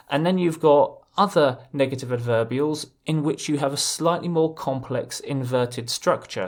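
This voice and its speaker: A man teaching a legal English writing lesson, explaining clearly and restarting words now and then. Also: mid-range voice, normal speed, few pauses, a little mellow. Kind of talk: video lesson.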